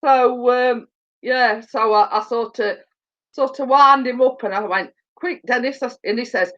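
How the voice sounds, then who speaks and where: A woman's voice: on the high side, moderate pace, a bit bright. A woman chatting casually with viewers on a live stream, telling funny stories and laughing often. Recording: dull lo-fi sound.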